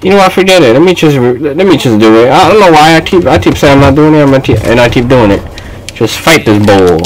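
A young man giving casual, excitable gaming commentary, trash-talking his opponent with sudden yelps. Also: medium pitch, quick pace, a little hiss or hum. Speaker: gaming channel host.

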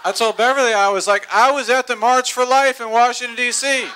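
Bright-voiced man preaching a story. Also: very high voice, a little fast, few pauses, a little hiss or hum. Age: 40s. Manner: animated, laughing storyteller, rising to excited near-shouts. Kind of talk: storytelling sermon. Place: church sanctuary.

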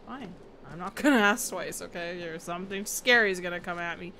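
Her voice on the low side, pushed and bright, a frightened woman briskly narrates her horror game livestream. She jumps at things, talks with chat, and reads the tutorial prompts aloud over slight background noise.

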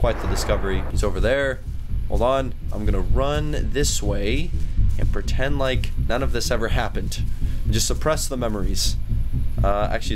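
A young man giving excitable let's-play commentary, jumping into high squeals when startled or thrilled. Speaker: gaming YouTuber.

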